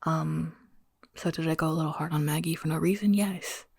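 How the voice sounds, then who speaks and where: A woman whispering a chatty book recap, keeping her voice hushed and often correcting herself. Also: sits low, fairly even intonation, brisk, creaky, husky, dry recording, clean studio sound. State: whispering so as not to wake someone. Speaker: book vlogger.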